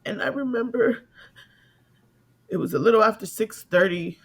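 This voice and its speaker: A middle-aged woman from California recounting her father's death in an interview. She talks in an emotional, halting way, circles back and repeats herself, and shifts her voice when quoting others. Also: medium pitch, breathy edge. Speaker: guest telling her story. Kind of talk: personal storytelling interview.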